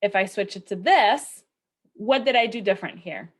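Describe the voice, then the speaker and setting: A woman's voice: mid-range voice, expressive, normal speed. A woman giving a recorded statistics lecture in a conversational way, asking rhetorical questions and often checking in with okay and right. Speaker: statistics instructor.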